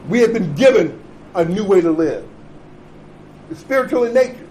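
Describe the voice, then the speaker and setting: A man's voice: sits high, animated, normal speed, dark tone, a little hiss or hum, low-quality recording. A man giving a blunt, emphatic recovery talk, repeating points and checking in with the room. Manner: emphatic, repetitive, blunt with profanity; conversational, checks in with "okay?" and "right?". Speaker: recovery conference speaker.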